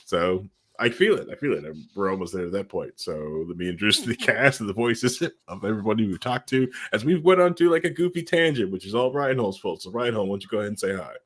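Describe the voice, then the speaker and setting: A man's voice: on the low side, lively intonation, fast, a bit bright, no echo, studio quality. A man hosting a casual podcast, joking and teasing his co-host and laughing often.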